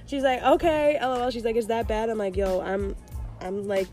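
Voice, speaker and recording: A young woman in her twenties telling a story in casual chat, animated and profane, acting out the people she quotes. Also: a little high, brisk, faint music behind.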